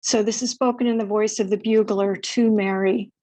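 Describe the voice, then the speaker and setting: A woman poet on a video call, introducing her poems in a relaxed, unhurried way with frequent fillers. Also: medium pitch, poor audio. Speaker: poet giving a reading.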